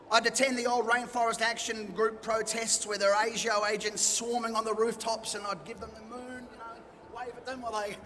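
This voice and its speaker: Bright-voiced Australian man telling stories. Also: very high voice. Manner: chatty, self-deprecating storyteller. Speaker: event speaker and MC. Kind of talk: personal storytelling talk. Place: event hall. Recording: long reverb of a hall.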